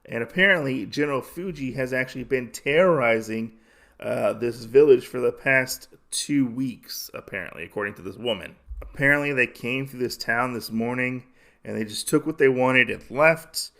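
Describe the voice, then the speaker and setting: A podcast host retells a comic in a loose, rambling style. His voice is mid-pitched with a gravelly edge. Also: normal speed, fairly bright tone. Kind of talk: casual comic recap.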